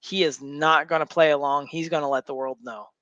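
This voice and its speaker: A man's voice: on the high side, steady tone, fairly quick, a bit bright, dry recording, muffled recording. A man hosting a show, casually retelling a story to a co-host in a loose, rambling way full of fillers. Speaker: show host recapping a comic.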